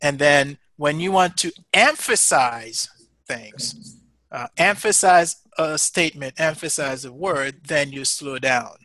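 Slow, bright-voiced male instructor. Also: on the high side, no echo. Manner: slow, patient, encouraging, with many fillers. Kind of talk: teaching a class.

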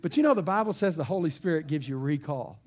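Male pastor, higher register, lively folksy sermon storyteller. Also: fast. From East Texas.

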